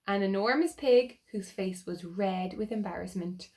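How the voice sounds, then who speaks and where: A woman reading a picture book aloud to children, animated and asking them questions. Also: medium pitch, moderate pace, few pauses. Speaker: children's storyteller.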